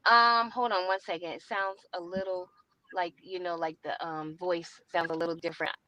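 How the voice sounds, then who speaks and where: Bright, chatty woman on a call. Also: fairly low pitch, fairly even intonation, normal speed, poor audio. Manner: chatty and apologetic, calls others "love" and "sweetheart". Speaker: guest, credit repair company co-founder. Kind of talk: casual chat on a remote call. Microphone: remote call microphone.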